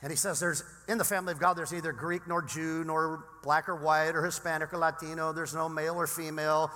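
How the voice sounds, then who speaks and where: A male pastor from Southern California preaching a sermon in a casual, animated way, with frequent restarts. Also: on the high side, fairly quick. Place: large church sanctuary. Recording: long reverb in a church hall.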